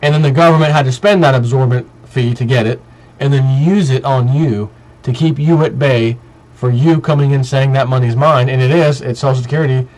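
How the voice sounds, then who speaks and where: A man's voice: medium pitch, fairly even intonation, brisk, a little mellow, poor audio. A man vlogging in a heated monologue, ranting emphatically and piling up repetitive lists.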